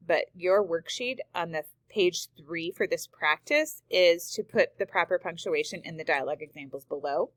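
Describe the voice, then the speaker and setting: A woman's voice: on the low side, pushed and bright, no echo. A woman teacher explaining punctuation rules step by step, reading example sentences aloud. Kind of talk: screen-recorded grammar lesson.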